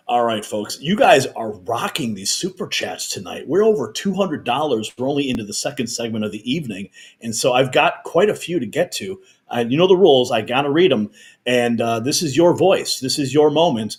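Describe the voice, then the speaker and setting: A man in the middle pitch range hosts a live news stream, running through donations and viewer messages with energy. He fires off quick, chatty asides between them. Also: animated.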